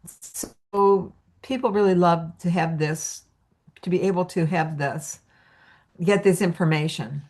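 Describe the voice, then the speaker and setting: A woman with a fairly low voice teaches energy healing in a loose, chatty way. She rambles through stories with many fillers and restarts. She often lifts her voice to act out quotes. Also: fairly even intonation, measured pace. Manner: rambling, filler-heavy, acts out quotes in a lifted voice. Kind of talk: casual storytelling lecture.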